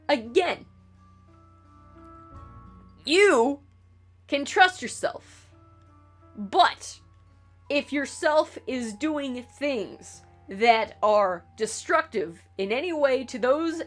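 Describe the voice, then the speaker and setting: Blunt, swearing woman streamer ranting. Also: a little high. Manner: rambling with repeated restarts. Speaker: gaming streamer. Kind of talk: casual commentary while playing a game.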